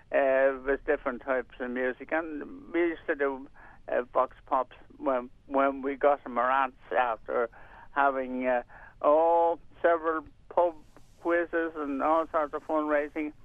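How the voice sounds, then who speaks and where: A man's voice: a little high, dry recording. Older man, rambling, over a phone line. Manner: rambling, hesitant, many fillers and restarts. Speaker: community radio volunteer and presenter. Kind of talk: casual radio interview. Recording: tinny phone-line sound, dry.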